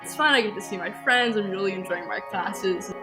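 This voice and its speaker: A teenage girl, a high school student, talking casually and enthusiastically in an interview, saying "like" a lot. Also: brisk, over music. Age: teens. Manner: bubbly, uses "like" a lot.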